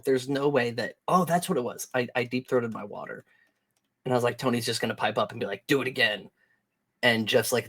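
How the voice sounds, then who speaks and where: A man's voice: mid-range voice, fairly bright tone. Joking man chatting on a stream. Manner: joking, rambling storyteller. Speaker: stream co-host. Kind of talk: casual chat.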